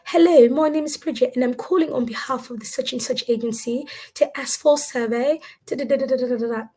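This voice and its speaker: Give me a woman playing a prim British telemarketer woman, high and proper. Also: brisk, mellow.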